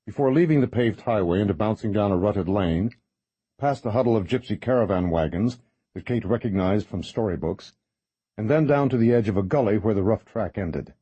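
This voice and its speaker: Brief: low-voiced husky man, measured audiobook narration, dry studio sound. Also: dark tone, no room sound, dull audio.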